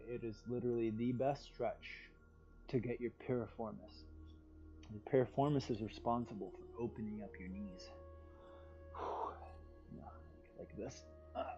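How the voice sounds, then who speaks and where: A man teaching a guided yoga class over a livestream, with calm, soothing, drawn-out cues and sighs of relief. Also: mid-range voice, lo-fi sound.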